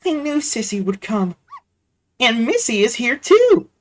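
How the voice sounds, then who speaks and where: A man's voice: extremely high pitch, big pitch swings, a little slow, soft background music, pitched above the performer's own voice, heavily acted. A man voicing a sweet, cheerful little girl in a game read-through, speaking in a chirpy, childlike way.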